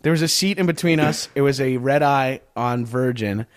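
A man's voice: medium pitch, normal speed. A man in his thirties casually telling comedic stories on a podcast, rambling and laughing often. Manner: rambling, laughs a lot, acts out quotes. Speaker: podcast guest.

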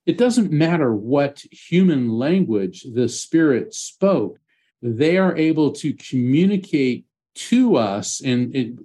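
A middle-aged man, a guest psychic medium, telling animated stories in an interview and acting out quotes. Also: mid-range voice. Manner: animated anecdotes with acted quotes. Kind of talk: storytelling interview.

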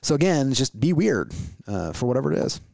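A man's voice: medium pitch, sing-song, a little fast, creaky, a little mellow, dry recording. A middle-aged man hosting a podcast, talking casually in a loose, rambling way with many fillers and restarts. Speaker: podcast host. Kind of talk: casual conversational chat.

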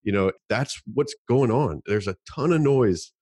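A man's voice: medium pitch, expressive, unhurried, a little mellow, husky, no room sound, studio quality. A man co-hosting a podcast in casual chat, explaining ideas and often repeating words as he thinks. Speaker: podcast co-host.

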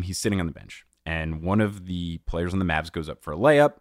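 A man hosting a casual sports podcast, telling stories in an animated way and laughing often. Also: low voice, fairly quick, dry recording, clean studio sound. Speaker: podcast host.

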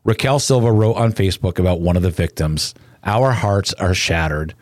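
A man with a very low, deep voice reads a somber news report, solemn and measured. The sound is dry and close, with no room around it. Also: a little mellow, no room sound. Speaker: news narrator.

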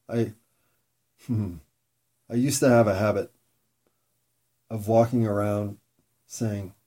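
A man talking through a candid, reflective monologue, rambling with pauses and frequent swearing, self-mocking. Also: fairly low pitch, fairly even intonation, mellow, husky.

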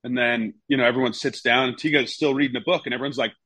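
A man's voice: mid-range voice, very fast, slightly rough, no room sound, low-quality recording. A former goalkeeper, telling stories casually in an interview and acting out his coaches. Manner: animated storyteller, acts out coaches in raised voice.

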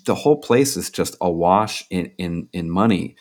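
A man's voice: low voice, expressive, normal speed, darkish tone. A man being interviewed as a journalist and author, telling anecdotes in a loose conversational way with frequent fillers.

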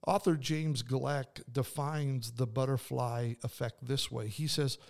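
In devotional talk on his faith podcast, a male host and preacher speaks slowly and earnestly, restarting frequently in a conversational manner. The voice is medium in pitch, with vocal fry and fairly even intonation.

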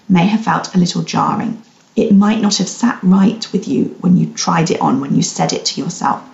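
A woman hosting a solo podcast, gently guiding listeners with reflective questions as a weight-loss coach. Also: fairly low pitch, vocal fry. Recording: roomy, slightly dull recording.

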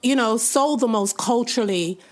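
A woman with a Jamaican accent, hosting a podcast in casual chat, expressive and quick to act out what others said. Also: fairly high pitch. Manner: expressive, acting out quoted speech. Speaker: podcast host.

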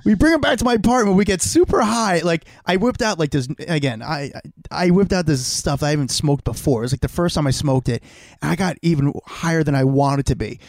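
A man tells a story with a lot of energy, acting out voices and swearing freely in loose podcast chat. His voice sits fairly high, and it was recorded close and dry, with almost no room sound. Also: brisk, dry recording. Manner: animated, swears freely, acts out quoted voices. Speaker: podcast co-host. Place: home.

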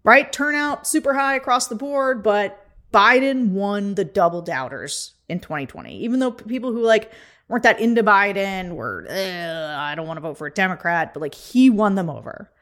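A woman co-hosting a podcast, talking through a political campaign in a brisk, animated way with quick laughs. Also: mid-range voice. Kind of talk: casual political chat.

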